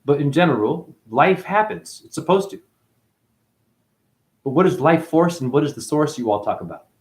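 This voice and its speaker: A man's voice: fairly high pitch, lively intonation, normal speed. A man giving a spiritual monologue as a teacher, preachy and profane, firing one rhetorical question after another.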